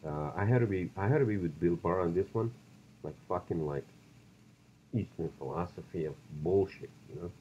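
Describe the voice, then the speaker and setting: A man's voice: deep voice, animated, normal speed, warm tone, dull audio, slight background noise. A man hosting a solo podcast, talking bluntly and profanely in a loose, ranting way. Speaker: podcast host.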